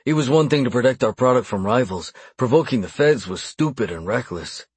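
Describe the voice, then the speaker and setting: A man narrating a dark romance audiobook in a low, hushed, measured first-person voice. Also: animated, slightly rough, no echo.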